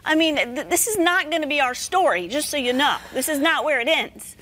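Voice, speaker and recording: A woman guest giving an earnest, emphatic faith testimony with a slightly hoarse, damaged voice. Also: sits high, animated, brisk, a bit bright. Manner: earnest, emphatic, preacher-like cadences.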